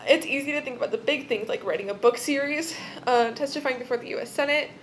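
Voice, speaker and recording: A woman's voice: high-pitched, quick pace, a little hiss or hum. A young woman giving an emotional acceptance speech at an event, tearful and laughing, often losing her place in her script. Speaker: award speaker.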